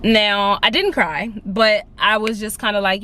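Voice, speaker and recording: This twenty-something lifestyle vlogger starts out driving and later walks, chatting animatedly and casually with a steady stream of "like." Her mid-range voice keeps a moderate pace, and a slight hiss or hum can be heard.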